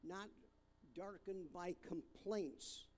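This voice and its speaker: Slow, high-voiced male preacher. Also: darkish tone. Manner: slow, halting delivery with fillers and restarts; reads scripture aloud, stressing different words. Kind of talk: sermon.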